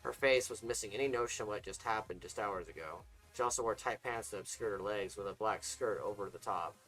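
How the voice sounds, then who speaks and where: A man's voice: on the low side, brisk, a bit bright, soft background music, low-quality recording. A man casually reading fiction aloud, stumbling and restarting now and then. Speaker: story reader.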